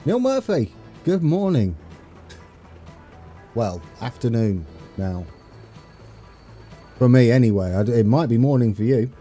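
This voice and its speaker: A man's voice: mid-range voice, very animated, measured pace, long pauses, warm tone. A man from the UK chatting casually with viewers on a live stream while playing a train game, rambling and chuckling as he reads chat. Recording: faint game music behind.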